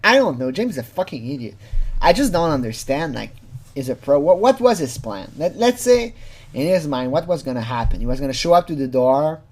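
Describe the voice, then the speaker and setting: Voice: medium pitch, sing-song, a little fast, a little mellow. A casual true crime commentator who talks freely, laughs often, swears, and mimics the people being quoted.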